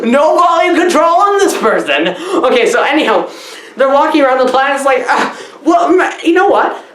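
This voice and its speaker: Loud rambling woman in echoey room. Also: on the high side, a little hiss or hum. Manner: loud, scattered, jumps between asides and squealed quotes. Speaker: comic film reviewer. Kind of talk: rambling deadpan comedy review.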